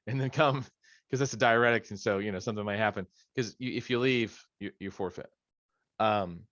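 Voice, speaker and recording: A man's voice: on the low side, a bit bright, no room sound, muffled recording. A middle-aged man leading a study session on a video call from his home office, in a casual, rambling way with joking asides. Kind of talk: casual training talk.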